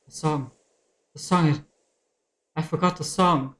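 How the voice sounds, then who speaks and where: A woman's voice: low voice, a little slow. A woman streamer playing a game, chatting casually and reacting aloud as she reads the game's text. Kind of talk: casual gaming livestream chat.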